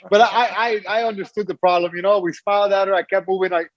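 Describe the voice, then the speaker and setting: A man's voice: high voice, steady tone, fast talker, hardly any pauses, highs cut off. A man in casual conversation who keeps agreeing and then tells a story of his own. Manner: encouraging listener, frequent agreements. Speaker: guest.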